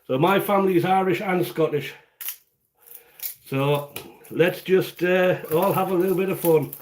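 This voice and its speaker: Chatty guy from the uk doing a live cooking stream in his kitchen, rambly and jokey, kinda high voice, faint noise behind. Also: a little slow, darkish tone. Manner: chatty, rambling and jokey, greeting viewers by name. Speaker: cooking show host. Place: home kitchen.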